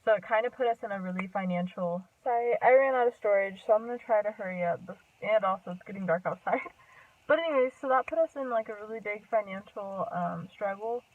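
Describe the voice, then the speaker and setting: A woman's voice: medium pitch, fairly quick. A woman of about twenty chats casually to camera, looping back to correct herself and packing every sentence with "like" and "um". Her voice comes through thin and phone-like. It sounds as though she sits a little way back from the microphone. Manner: rambling, full of "like" and "um", self-correcting. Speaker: vlogger. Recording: tinny, phone-like sound from a distance off the mic.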